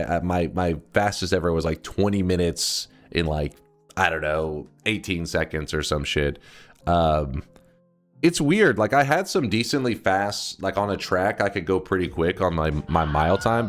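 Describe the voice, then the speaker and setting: A man in his thirties chatting on a live stream, rambling and swearing, with sudden loud outbursts at his chat. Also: on the low side. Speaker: livestreamer.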